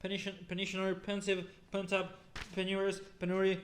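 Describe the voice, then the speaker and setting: This YouTuber's voice is high-pitched, monotone and a bit bright, and he reads a little slowly. Going through a long list of words one by one, he keeps stumbling, restarting and repeating, sounding weary from the effort.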